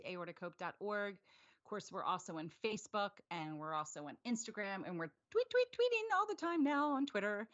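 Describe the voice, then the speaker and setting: A woman's voice: lowish voice, bright, forceful tone. Chatty woman on a lo-fi video call. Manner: chatty, self-deprecating, laughs often. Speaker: guest. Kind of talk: casual live-stream chat. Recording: dull lo-fi stream audio.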